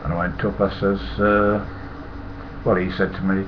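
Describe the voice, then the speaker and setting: A man's voice: sits low, little pitch movement, normal speed, pauses often. An older man with a Nottingham accent, telling casual, rambling anecdotes, chuckling and swearing freely. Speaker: storyteller. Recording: muffled lo-fi with loud hiss.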